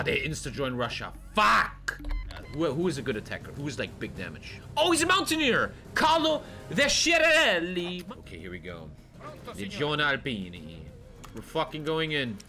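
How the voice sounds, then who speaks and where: A man giving casual, excitable gameplay commentary while he plays, swearing often and swinging between loud outbursts and low mutters. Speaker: gaming streamer.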